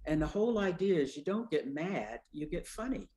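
A woman in her sixties, an anesthesiologist and speaker, telling stories in an interview with humor and lively quoted voices. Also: lowish voice, normal speed, crowd noise. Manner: lively, acts out quoted people with voice changes; humorous, conversational. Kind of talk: storytelling in an interview.

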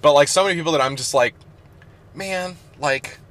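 A man with a somewhat high, slightly bright voice talks very fast as a podcast co-host, with a little hiss or hum in the audio. He rambles casually, filling the chat with fillers and laughter.

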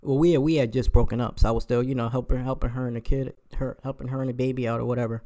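A young man with a warm voice at a middle pitch for a man rants heatedly and profanely in a casual register. His tone stays steady while his pace races, and he fires off rhetorical questions.

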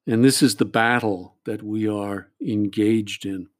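A man's voice: on the low side, fairly even intonation, a little slow. A male therapist explaining a group exercise, restarting his phrases and checking in with "all right?" and "you know?". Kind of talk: describing a therapy exercise to an audience.

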